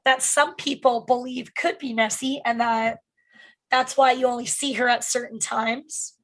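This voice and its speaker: A woman's voice: fairly high pitch, little pitch movement, a little slow, a bit bright. A woman co-hosting a casual comedy podcast, chatty and loose, trailing off with fillers and the odd swear word. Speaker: podcast co-host.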